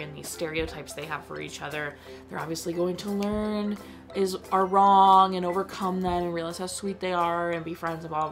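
A young woman chatting casually about a movie she just watched, full of fillers and giggles. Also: low voice. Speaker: movie review vlogger. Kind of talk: casual movie review chat.

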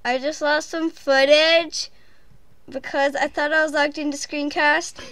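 A woman's voice: sits high, level tone, unhurried, fairly bright tone, a little hiss or hum. A woman host chatting casually and apologetically over gameplay, giggling often. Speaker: channel host.

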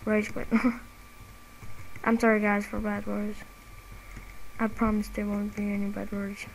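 A woman giving casual, excitable commentary while playing a game, quick to get frustrated and quick to apologize. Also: medium pitch, vocal fry, slight background noise, rough recording. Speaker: gamer and channel host.

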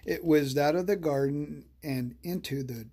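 A storyteller reading a children's bedtime story aloud, slow and soothing. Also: mid-range voice, mellow, breathy edge.

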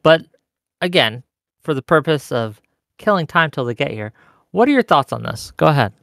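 A man's voice: a little high, big pitch swings, normal speed, creaky, fairly bright tone, dry recording, studio quality. A man hosting a casual online panel discussion, joking as he brings in guests one at a time. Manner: playful, joking moderator. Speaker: host.

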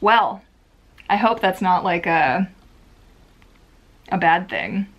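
A woman's voice: lowish voice, expressive, takes it slowly, a bit bright. A woman chatting casually to camera from a filming corner at home, rambling with lots of filler words. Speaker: vlogger. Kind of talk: casual vlog chat to camera.

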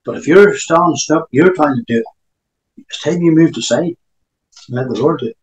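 A man's voice: fairly high pitch, moderate pace, roomy sound, rough recording. A man preaching a sermon, reading scripture aloud between emphatic remarks.

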